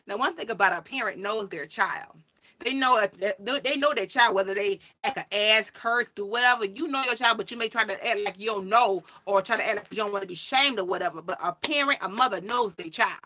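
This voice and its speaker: A woman tells a story straight to her viewers, bright and forward in tone. She jumps into the voices of the people she quotes and keeps the telling animated from line to line. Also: medium pitch, a little fast. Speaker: vlogger. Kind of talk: casual storytime chat.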